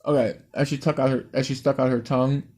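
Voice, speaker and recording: Amateur male story reader, offhand and rambling, mellow tone. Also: mid-range voice, level tone, quick pace.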